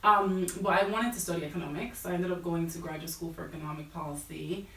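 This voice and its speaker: Heard roomy and distant, this woman in her thirties, an American-accented guest who works as a fashion buyer, chats about her career with plenty of fillers like "like" and "you know." Her fairly low voice is steady and fairly bright, and she speaks at a quick pace.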